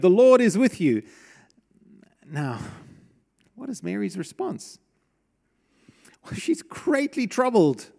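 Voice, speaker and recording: A middle-aged man preaches a sermon in a church. His voice sits somewhat high for a man. He talks in a conversational way and keeps putting questions to the congregation. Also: creaky, darkish tone. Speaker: pastor.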